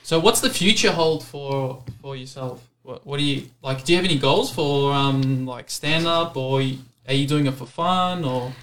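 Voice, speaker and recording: A man in his thirties hosting a podcast, asking questions in a halting way with many ums. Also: medium pitch, fairly bright tone, slight background noise. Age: 30s. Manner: halting, many fillers and restarts. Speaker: podcast host. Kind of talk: casual podcast interview.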